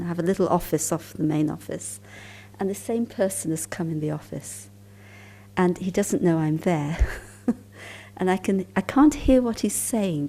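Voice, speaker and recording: A woman speaking to a conference audience as a spiritual teacher, her voice mellow and a little low. She tells her stories calmly and at an easy pace, sometimes dropping to soft, breathy near-whispers. A faint hum sits in the background. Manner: calm, unhurried storytelling with soft near-whispered asides. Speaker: spiritual teacher giving a talk. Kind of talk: storytelling lecture at a conference.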